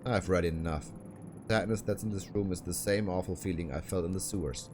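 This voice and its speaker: A man's voice: low-pitched, fairly quick, over music, pitched below the performer's own voice, lightly acted. A man reading as a somber woman detective. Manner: plain reading-aloud.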